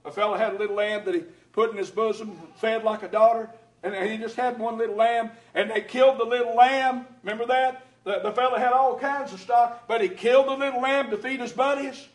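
High-voiced preacher in an echoey hall. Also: male voice, steady tone. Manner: preaches with rising shouts and quick asides to the congregation. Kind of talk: sermon. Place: church hall. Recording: echoey hall, mic at a distance.

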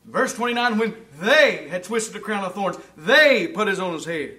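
A man preaching a sermon, reading scripture aloud, asking rhetorical questions, and swinging between loud emphasis and hushed asides. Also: high voice, expressive, moderate pace. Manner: asks the congregation rhetorical questions.

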